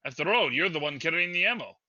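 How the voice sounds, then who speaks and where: Man doing a parody Russian soldier, gruff and lecturing, high-ish bright tone. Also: animated, fast talker. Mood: mock stern. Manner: jokey, lecturing in a put-on accent.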